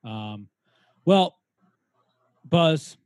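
A man's voice: a little high, expressive, extremely slow, a little mellow, no room sound. A man from Rhode Island co-hosting a podcast over a video call, chatting and joking with lots of fillers. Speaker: podcast co-host.

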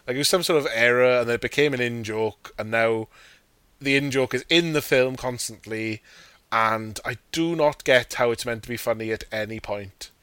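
A man's voice: medium pitch, normal speed, a bit bright, clear, resonant tone, no echo. A man co-hosting a film podcast, ranting in an exasperated, sweary way. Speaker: podcast co-host. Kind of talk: casual film discussion.

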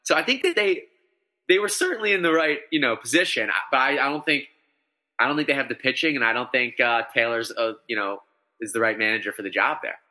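A man talking sports on a podcast, with a strikingly bright, sharp tone. He rambles with excitement, restarting sentences as his thoughts run ahead. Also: medium pitch, fast. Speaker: podcast co-host. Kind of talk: casual sports chat.

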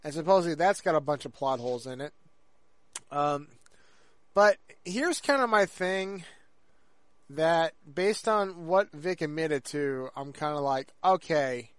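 A man with a fairly high voice co-hosts a podcast, speaking at a measured pace in casual chat. He rambles, leaning on fillers and restarting often. The recording is dry.

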